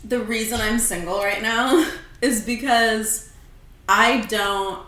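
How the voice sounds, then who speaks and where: A woman's voice: fairly high pitch, takes it slowly, fairly bright tone. Chatty young woman, echoey room. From California. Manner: chatty, playful, lots of "like". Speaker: podcast co-host. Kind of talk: casual chat.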